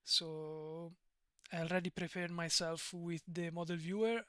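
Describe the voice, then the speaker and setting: A man's voice: a little high, level tone, unhurried, fairly bright tone, dry recording, clean studio sound. A man with an Italian accent chatting casually on a live stream, rambling, digressing and laughing often. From Italy.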